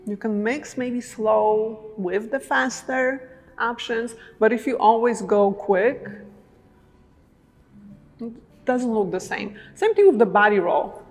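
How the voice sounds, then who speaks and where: A woman's voice: fairly high pitch, slow, big-room sound, faint music behind. A woman teaching dance moves, talking casually and encouragingly, often checking in with "right?" as she demonstrates. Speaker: dance instructor. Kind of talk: instructional talk with demonstrations.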